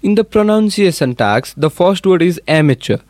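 A man's voice: high-pitched, expressive, normal speed, darkish tone, no echo. A male student politely asking his teacher questions in an English class. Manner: polite, addresses the teacher as sir.

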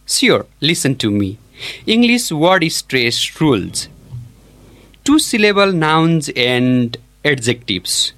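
Slow, deliberate male teacher. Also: a little high, sing-song, fairly bright tone. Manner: slow, deliberate, models each word aloud. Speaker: English teacher. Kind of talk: classroom pronunciation lesson.

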